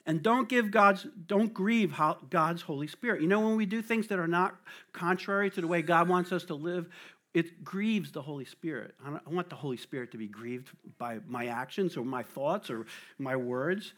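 A man's voice: on the high side, expressive, moderate pace, a bit bright. A middle-aged man with a New Jersey accent, teaching from scripture in a casual, conversational way, laughing often and checking in with "right?". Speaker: lay preacher or Bible teacher. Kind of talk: casual Bible study talk.

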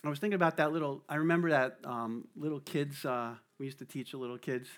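Speaking fast in a steady, mid-range voice with a fairly bright tone, this middle-aged New Jersey man teaches scripture conversationally. He comes across as a lay preacher or Bible teacher at a casual Bible study, often laughing and asking "right?".

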